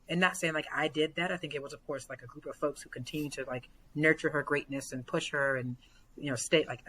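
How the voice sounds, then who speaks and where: A young woman coach talks on a podcast, full of "like" fillers and lively telling. Her voice is bright with a forceful edge, and a faint hiss sits behind it. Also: low voice, low-quality recording. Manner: animated storyteller, many "like" fillers. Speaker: basketball coach and podcast guest. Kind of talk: casual podcast conversation.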